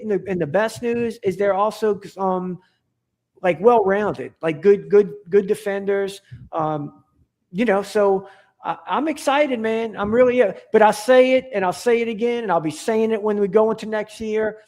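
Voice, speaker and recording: High-voiced man, rambling podcast guest. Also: a little slow, darkish tone. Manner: rambling, enthusiastic, many restarts and fillers. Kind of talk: casual podcast chat.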